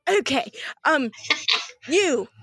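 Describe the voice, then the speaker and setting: A woman's voice: sits high, big pitch swings, drawn-out words, fairly bright tone, no echo, clean studio sound. A woman narrating as game master in a tabletop game, giggly and rambling.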